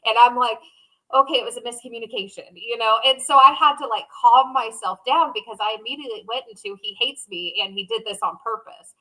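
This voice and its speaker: Woman cohost on a podcast, bright voice, open and emotional, plays out her own thoughts in little voices. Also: a little high, brisk, low-quality recording. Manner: candid, emotional, acts out quoted inner voices. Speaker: podcast co-host. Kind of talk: casual conversation.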